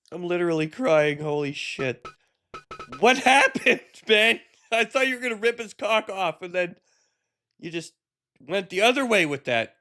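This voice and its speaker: A man streaming comedic wrestling commentary, loud, joking and cursing, with faint music behind him. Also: high voice, expressive, normal speed. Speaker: streamer doing fight commentary.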